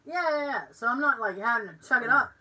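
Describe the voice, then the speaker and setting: Lively Massachusetts woman telling a story. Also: a little high, fast talker, far from the mic, low-quality recording. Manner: animated, acts out other people's lines in the story. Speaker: podcast co-host. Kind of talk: casual storytelling chat.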